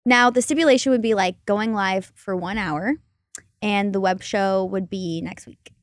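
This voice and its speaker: A woman's voice: medium pitch, no echo. Chatty woman co-host, dry sound. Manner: chatty, quick, joking. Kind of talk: casual entertainment news chat.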